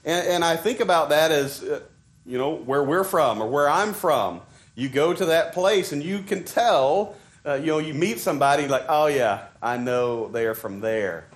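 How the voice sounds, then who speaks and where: A man's voice: a little high, lively intonation, normal speed. A man from Arkansas with a Southern accent, preaching a sermon in a conversational way, full of fillers and restarts.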